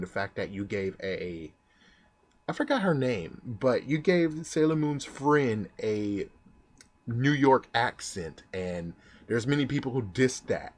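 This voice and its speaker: Excitable young man ranting. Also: medium pitch. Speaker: anime vlogger. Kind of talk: casual commentary vlog.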